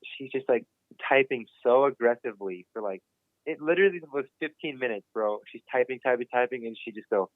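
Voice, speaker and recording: A man's voice: mid-range voice, brisk, no room sound. A young man tells a story as a podcast guest, swearing freely and playing up the drama. His voice comes through thin and phone-like, with no room sound around it. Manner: swears constantly, animated and dramatic retelling. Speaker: podcast guest, BMX rider. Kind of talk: casual storytelling. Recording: dry, phone-like narrow sound.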